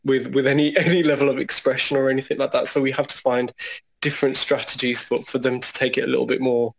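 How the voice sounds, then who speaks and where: A man, an experienced teacher, talking through classroom practice in a measured, conversational way, with frequent restarts. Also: medium pitch, little pitch movement, gravelly. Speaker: school teacher and trust leader. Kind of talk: conversational podcast interview.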